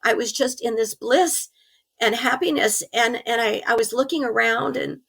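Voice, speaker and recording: An interview guest, a middle-aged woman, tells a personal story with earnest animation. Her voice is hoarse from pneumonia she's recovering from, fairly high in pitch, and she talks at normal speed.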